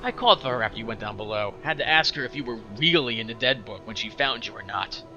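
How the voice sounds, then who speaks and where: A man voicing a sly, scheming man on a crutch, talking slow, oily and threatening. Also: medium pitch, expressive, sharp tone, dull audio, faint music behind. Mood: smooth.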